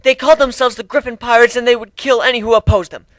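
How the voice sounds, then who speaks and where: A man's voice: high voice, animated, normal speed, sharp tone, no room sound, voice pushed up, low-quality recording. A man voicing a fierce young cat-woman tribal warrior who speaks in a proud, accusing, formal way. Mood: grieving.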